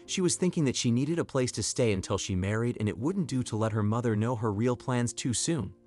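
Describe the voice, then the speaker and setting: A man reads a scripted drama story aloud in an expressive, even-paced manner. His pitch moves widely. Faint background music plays under the narration. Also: fairly quick, hardly any pauses.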